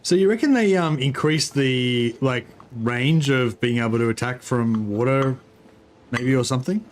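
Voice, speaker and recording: A man giving casual, rambling commentary on his strategy game livestream, halting and talking while eating. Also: mid-range voice, slight background noise. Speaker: streamer.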